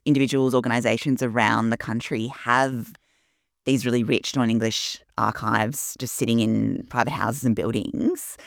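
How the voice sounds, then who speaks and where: A woman hosting an interview, asking measured, inquisitive questions. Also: a bass voice, vocal fry, no echo, clean studio sound. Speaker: interview host. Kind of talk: radio-style interview questions.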